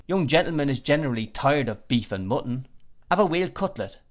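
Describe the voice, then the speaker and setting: A man's voice: medium pitch, expressive, fairly quick, pitched above the performer's own voice, close to an everyday voice. A man putting on a coaxing, chummy inn waiter. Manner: chummy and coaxing, pushing his own suggestions. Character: familiar, insinuating male London inn waiter.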